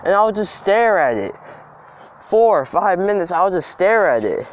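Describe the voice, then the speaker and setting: A young man with a high voice tells a story outdoors in the cold, rambling and emphatic. Faint traffic and street noise sit behind him. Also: sing-song, moderate pace. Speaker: vlogger. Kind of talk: storytime vlog.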